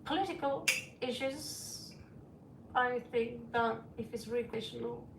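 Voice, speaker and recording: Rambling and frank, a middle-aged woman chats on her stream while reading tarot, calling everyone sweetie. Her gravelly voice sits a little high and she's unhurried. Heavy background noise and roomy echo come through since she's far from the mic.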